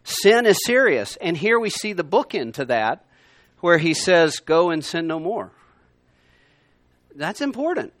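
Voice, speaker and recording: A man teaching a Bible lesson to a room of listeners, conversational and emphatic, swinging between loud and quiet. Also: on the high side, sing-song, unhurried, pauses often, no echo. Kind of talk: sermon. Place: room with a gathered class.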